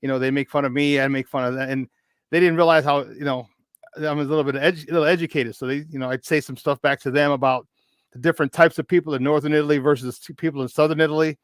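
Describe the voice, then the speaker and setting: A man's voice: fairly high pitch, quick pace, clear, resonant tone, dry recording. Chatty man in his fifties, dry sound. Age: 50s. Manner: chatty, animated, with many restarts. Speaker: podcast guest. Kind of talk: casual storytelling.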